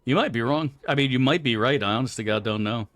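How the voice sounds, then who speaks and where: A man's voice: medium pitch, fast talker, fairly bright tone, a little hiss or hum. A man streaming a game, chatting loosely with his viewers and swearing freely. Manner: loose and rambling, swears freely, answers chat aloud. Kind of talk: casual live-stream chat.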